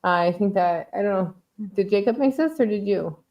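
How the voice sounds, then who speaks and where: A woman's voice: mid-range voice, expressive, a little fast, dull audio. Giggly woman giving mix feedback. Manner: hesitant, laughs often, many fillers. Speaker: music critique panelist. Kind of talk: casual review chat.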